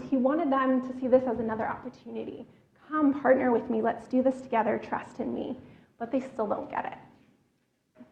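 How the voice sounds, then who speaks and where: Woman preacher, high and gravelly voice, earnest teaching sermon; echoey, slightly dull recording. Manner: earnest teaching, repeats words as she thinks.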